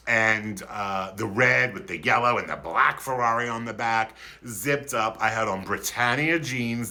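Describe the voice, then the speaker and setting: A man in his fifties from Philadelphia, telling a comic story on a livestream in a campy, flamboyant, theatrical way. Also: pushed and bright. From Philadelphia, USA. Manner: campy, flamboyant and theatrical, with sudden high-pitched outbursts.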